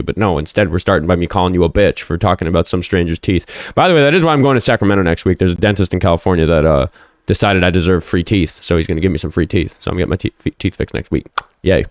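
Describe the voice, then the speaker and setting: A man's voice: low-pitched, racing, no echo, studio quality. A man hosting a casual livestream, chatting and rambling, swearing freely and snapping back at commenters. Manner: profane, combative toward chat, rambling. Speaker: livestream host.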